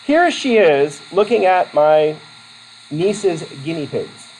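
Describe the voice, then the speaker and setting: A man from Vermont lectures a classroom and calls on students by name. His pitch swings widely as he talks, and his delivery is chatty and self-deprecating, full of fillers and restarts. A faint hiss sits under the recording. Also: sing-song, takes it slowly, a little mellow, rough recording. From Vermont, USA. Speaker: college instructor.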